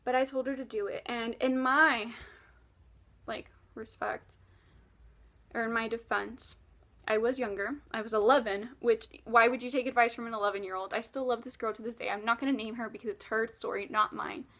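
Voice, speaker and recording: In a confessional vlog, a woman shares a painful personal story directly to the camera, earnest and emotional. Her slightly higher-than-average voice keeps fairly even intonation at a moderate pace, yet she swings between loud outbursts and near-whispers.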